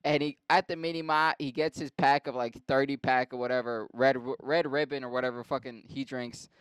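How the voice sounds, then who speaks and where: A man's voice: mid-range voice, fairly even intonation, brisk, a bit bright, clean tone, dry recording. A man hosting a podcast, ranting crudely and sarcastically with lots of profanity. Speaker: podcast host. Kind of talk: crude comedic rant.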